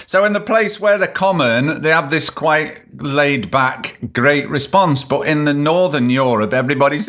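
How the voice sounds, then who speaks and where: A man's voice: on the high side, expressive, normal speed, few pauses, a bit bright. A man hosting a solo podcast, ranting sarcastically and swearing as he rambles between points. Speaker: podcast host.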